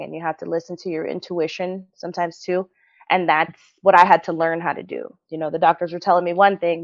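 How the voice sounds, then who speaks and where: A woman guest on a podcast, sharing a personal story in an earnest, heartfelt, reflective way. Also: on the low side. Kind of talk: personal story in casual interview. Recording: dull lo-fi sound.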